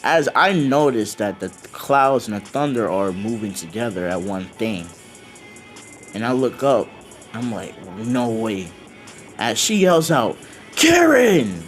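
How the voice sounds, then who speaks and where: A man improvising a casual fan-fiction story in first person, loose and excited, swearing and acting out the dialogue with lots of fillers. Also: on the low side, measured pace, soft background music.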